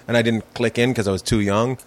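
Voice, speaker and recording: A man's voice: medium pitch, fairly even intonation, fast talker. A man, a comedian guest, swapping loose, profane anecdotes in a casual chat.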